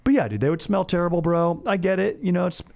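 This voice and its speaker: A man's voice: high-pitched, lively intonation, fast, vocal fry, a little mellow. A young man hosting a comedy podcast, chatting casually in bro slang and saying "dude" all the time. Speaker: podcast host.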